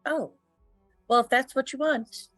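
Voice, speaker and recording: A woman's voice: sits high, measured pace, no echo, soft background music, pitched above the performer's own voice. A woman playing a hesitant, polite adventurer. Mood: concerned. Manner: hesitant, gently probing, filler-heavy. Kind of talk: tabletop role-play.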